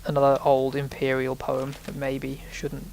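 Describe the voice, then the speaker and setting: A man's voice: medium pitch, monotone, measured pace, a little mellow, a little hiss or hum. A man giving rambling, casual commentary while playing a video game, sometimes swearing when startled. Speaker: let's play host.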